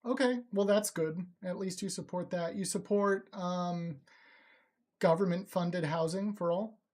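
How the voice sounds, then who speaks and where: A woman's voice: fairly low pitch, fairly even intonation, measured pace, darkish tone. A woman hosting a live stream, pressing a caller with pointed, incredulous questions. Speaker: streamer host.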